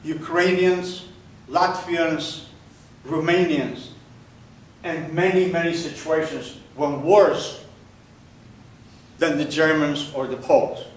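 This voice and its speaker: A man's voice: a little high, steady tone, slow pace, pauses often. Older man telling his story in an echoey hall. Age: 70s. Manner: earnest storyteller, addresses audience directly. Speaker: guest speaker. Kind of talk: spoken testimony to an audience. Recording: very echoey hall, far from mic, faint noise.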